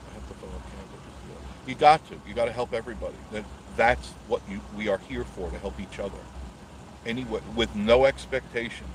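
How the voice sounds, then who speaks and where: Low-voiced man rambling live from his car. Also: a little fast. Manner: rambling, joking, reads out and answers viewer comments. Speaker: live-stream host. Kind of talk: casual live stream chatting with viewers. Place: inside his car on busy streets. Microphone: phone on a gimbal. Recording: clear traffic noise behind the voice.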